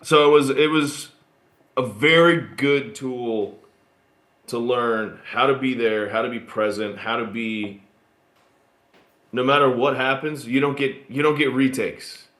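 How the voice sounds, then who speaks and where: A man born in Australia and raised in Texas, telling stories as a guest in a casual interview, relaxed and rambling with fillers. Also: medium pitch, unhurried. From born in Australia, grew up in Texas. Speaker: guest actor. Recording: roomy echo.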